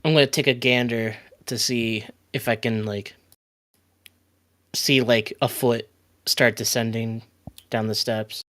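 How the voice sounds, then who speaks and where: A man playing in a tabletop role-playing game, talking in a relaxed, chatty way. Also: medium pitch, measured pace, long pauses. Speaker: player. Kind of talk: casual tabletop game talk.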